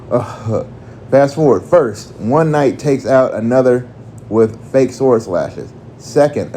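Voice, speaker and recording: A man telling a crude comic story in a slow, deadpan drawl. His voice is low and mellow, with faint noise in the background.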